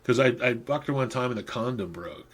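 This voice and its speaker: Husky man telling crude stories. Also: mid-range voice, lively intonation, brisk. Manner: rambling, crude, laughing at own stories. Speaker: podcast host. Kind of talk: casual storytelling monologue.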